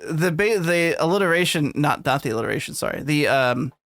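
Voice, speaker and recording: A man chatting on a podcast, crude and jokey, rambling from one thought to the next. His voice sits on the high side. The sound is dry and close, with no room echo. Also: animated, a little fast, creaky, a bit bright. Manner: crude, joking, rambling, laughs often. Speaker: podcast co-host. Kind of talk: casual chat.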